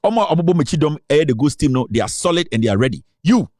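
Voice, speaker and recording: A man's voice: a little high, very animated, fast, a little mellow, no room sound, clean studio sound. A Ghanaian man hosting a live political talk stream, boastful and rambling, switching between Twi and English. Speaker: online show host.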